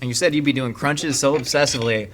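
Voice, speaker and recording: A man's voice: medium pitch, fairly even intonation, quick pace, noisy background. A man hosting a casual interview, presenting each dish with showy flair and tossing in jokes. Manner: reads the menu in a showy presenter way, jokey asides. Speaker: interview host.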